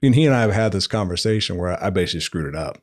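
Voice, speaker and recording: A man in his forties, a football coach guest on a podcast, telling an animated story, acting out the dialogue and laughing as he goes. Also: low voice, rapid-fire, dry recording. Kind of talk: conversational storytelling.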